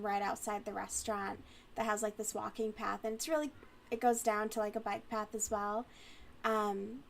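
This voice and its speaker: Chatty, bubbly woman streamer, high voice. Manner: chatty and rambling, reads chat aloud, giggles often. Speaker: crochet livestream host. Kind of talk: casual livestream chat.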